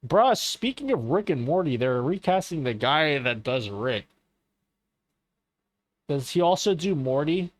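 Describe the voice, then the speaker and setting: Rambling and profane, this male livestreamer talks casually on a live stream, constantly checking in with viewers by asking "okay." His voice is on the high side and sing-song, at a measured pace with long pauses and no room sound.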